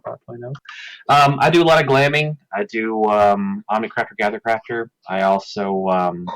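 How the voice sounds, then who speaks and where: Man, lowish voice, relaxed guild officer on a call; dry, close sound. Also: dry recording, rough recording. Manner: relaxed, listing with fillers. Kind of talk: casual group call.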